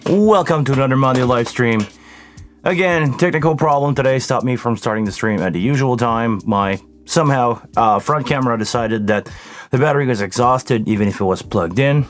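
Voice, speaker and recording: A man's voice: medium pitch, brisk. A man from hosting a casual live Q&A about sound gear, greeting viewers by name and jumping between thoughts. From Canada. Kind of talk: casual live-stream chat. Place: home studio with mixing console.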